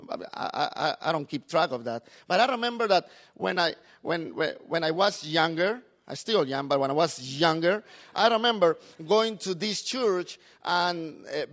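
A middle-aged man, a pastor preaching a sermon in a lively, talkative way. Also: fairly high pitch.

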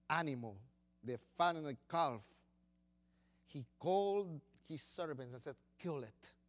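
A male preacher delivers a lively sermon. His pitch rises and falls widely, moving between loud, emphatic bursts and quiet, confiding asides. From Latin America.

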